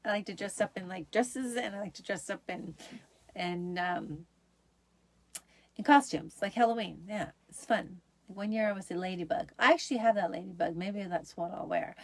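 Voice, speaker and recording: A woman's voice: mid-range voice, normal speed, no room sound. A middle-aged woman hosting her own show, talking in an upbeat, chatty way with lots of fillers. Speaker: host. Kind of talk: casual solo show.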